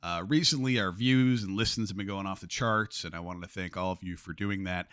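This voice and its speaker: A man hosting a casual podcast who talks in a lively, joking way with frequent restarts. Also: deep voice, a little fast, clean tone, dry recording, studio quality. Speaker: podcast host.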